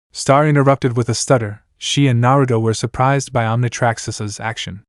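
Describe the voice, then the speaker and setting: A man narrating fan fiction in a steady, plain delivery. His voice sits at an average pitch, recorded close and dry with nothing around it. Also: moderate pace, few pauses, dry recording.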